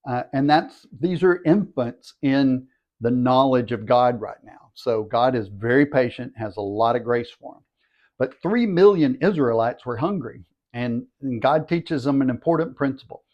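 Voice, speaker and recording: An older man, a Bible teacher, reads scripture aloud and then explains it in a steady, explanatory teaching tone. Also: medium pitch, normal speed, dull audio. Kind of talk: scripture reading and commentary.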